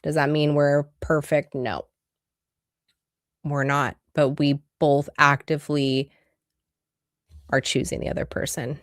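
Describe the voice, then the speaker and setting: A woman's voice: deep voice, level tone, takes it slowly, long pauses, dry recording, studio quality. A woman relationship coach giving an earnest, conversational livestream talk full of rhetorical questions.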